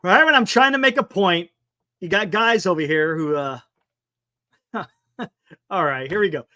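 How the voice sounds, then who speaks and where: A man hosting a casual live sports talk stream, excitable and quick to laugh. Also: sits high, dry recording, clean studio sound. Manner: excitable, laughing, talks to guests on a video call. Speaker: sports talk show host.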